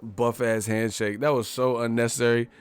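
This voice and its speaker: A man's voice: medium pitch, flat delivery, moderate pace, clear, resonant tone, soft background music. A man hosting a casual live stream, profane and laughing often as he reacts to the chat.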